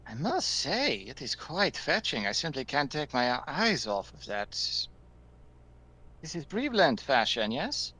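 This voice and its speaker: A man's voice: mid-range voice, very animated, a little slow, a bit bright, exaggerated voice. A man voicing a fawning masked noble at a ball, talking in an affected, gushing way with a mock-French lilt.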